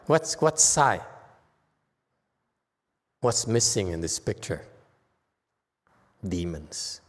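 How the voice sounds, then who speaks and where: A man giving a Buddhist Dharma lecture, quizzing his audience and growing animated as he explains. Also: low voice, very slow. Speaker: Buddhist teacher. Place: temple lecture hall. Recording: long hall reverb.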